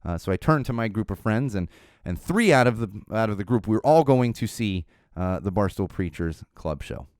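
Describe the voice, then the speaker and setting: A man's voice: lowish voice, animated, normal speed, a little mellow, no room sound, clean studio sound. A man hosting a podcast, telling a long casual story with many fillers and restarts. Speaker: podcast host.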